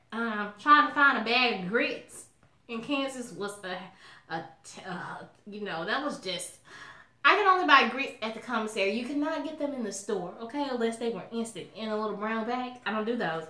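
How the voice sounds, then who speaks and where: A chatty, sassy woman with a Southern drawl from Alabama talks casually to her viewers, calling them y'all. Her voice sits a little high and sounds bright and forceful. It bounces around an echoey room. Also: animated, normal speed. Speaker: mukbang vlogger.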